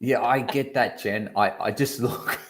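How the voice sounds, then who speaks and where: An Australian man co-hosting a casual online chat show, telling a story with lively energy and casual swearing. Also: medium pitch, measured pace. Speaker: co-host.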